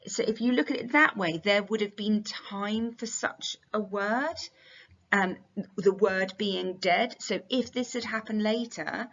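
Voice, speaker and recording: A woman teaching a revision lesson and walking the listener through quoted lines. Her voice has a gravelly, creaky edge. The recording sounds a little dull and lo-fi. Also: mid-range voice, fairly bright tone. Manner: explanatory, reads quotations aloud. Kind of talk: exam revision tutorial.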